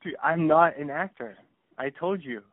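A young man with a somewhat high voice hosts a podcast in casual chat, excitable and quick to laugh, tripping over his words. The sound is thin and tinny, like a phone line. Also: dry recording. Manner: excitable, laughs often, stammers and restarts. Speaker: podcast host.

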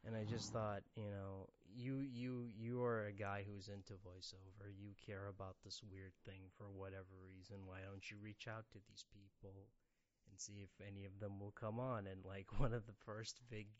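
Podcast host, male, deeper voice, loose rambling chat with frequent restarts; slightly lo-fi recording. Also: level tone, moderate pace. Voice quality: rambling, self-interrupting. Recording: slightly dull lo-fi sound.

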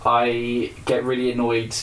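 A man co-hosting a casual chat about songs, joking and ranting with quick asides. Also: mid-range voice, monotone, a bit bright. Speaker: podcast co-host. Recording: echoey, distant mic with faint noise.

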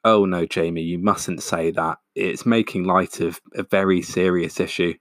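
A man's voice: deep voice, fairly even intonation, normal speed, no room sound, studio quality. A man voicing an eager, overly earnest middle-aged dad who talks in an effusive, apologetic way.

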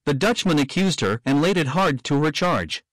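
Guy reading old-timey prose out loud, steady and plain, dry close mic. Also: on the high side, moderate pace, dry recording, low-quality recording. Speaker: reader. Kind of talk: audiobook reading of old text.

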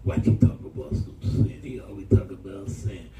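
A male pastor preaching a sermon, telling stories in a colloquial, animated way and calling out to the congregation. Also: deep voice, moderate pace. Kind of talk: sermon storytelling. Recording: echoey room from far off.

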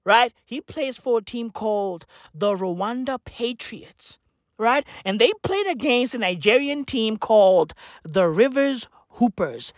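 A woman's voice: on the high side, expressive, unhurried, no room sound, clean studio sound. A woman doing a profane comic rant, repeating herself and laughing at her own jokes. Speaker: comedian.

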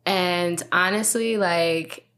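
A woman's voice: fairly low pitch, extremely slow, fairly bright tone. A woman guest on a podcast, telling family stories in a casual chat. She is a chatty storyteller who fills her talk with "like" and acts out what others said. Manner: chatty storyteller, many "like" fillers, acts out quotes.

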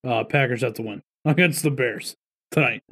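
A man's voice: medium pitch, moderate pace, fairly bright tone. Laid-back man in easy banter. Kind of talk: casual chat.

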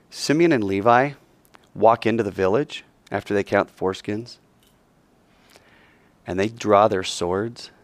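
A male teacher telling a Bible story to a class in an animated, digressive way, acting out the characters. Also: on the low side, no room sound.

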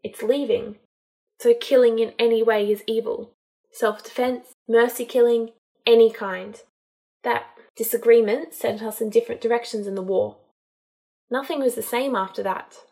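A woman reading a storybook, voicing a distraught young witch healer who talks in a halting, tearful way. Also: on the high side, steady tone, gravelly, warm tone. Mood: earnest.

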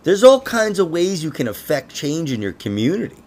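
A man's voice: fairly high pitch, big pitch swings, a little fast, a little mellow. A man hosting a casual conspiracy podcast, rambling and laughing, with frequent swearing. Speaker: podcast host.

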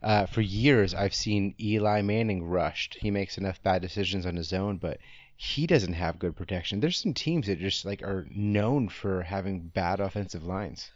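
A man's voice: deep voice, normal speed, no room sound, highs cut off. A man co-hosting a casual sports chat podcast, easygoing and agreeable. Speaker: podcast co-host.

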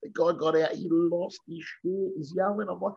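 A man telling lively anecdotes in a casual chat, acting out what people said and swearing freely. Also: high voice, normal speed, vocal fry, breathy edge. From Australia. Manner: animated anecdotes with voiced quotes, swearing freely. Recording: dull lo-fi recording.

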